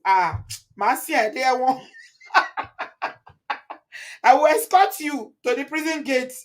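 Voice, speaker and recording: Her voice fairly high and a bit bright, a Nigerian-accented woman from Nigeria runs a live commentary as the channel host. Between frequent laughs she reads out viewer comments, chats freely and slips into Pidgin and Yoruba.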